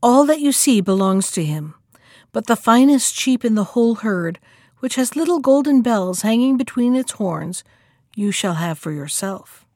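Woman reading a calm, firm old peasant man. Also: on the high side, moderate pace, no echo, clean studio sound.

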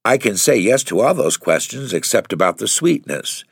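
A man lifts his deep voice into an eager young woman from an old storybook. She talks earnestly and a little breathlessly. The recording is dry and close. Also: very animated, moderate pace, creaky, slightly rough, dry recording, exaggerated voice. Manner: eager, earnest, raised pitch. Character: young eager impoverished woman job-seeker.

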